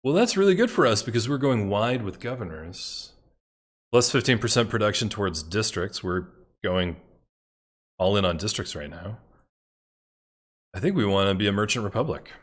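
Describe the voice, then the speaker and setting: A man with a fairly low voice talks his way through a strategy game in loose, casual commentary. He mutters to himself, gets excited, and swears freely when a move goes wrong. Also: moderate pace, long pauses. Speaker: gameplay commentator.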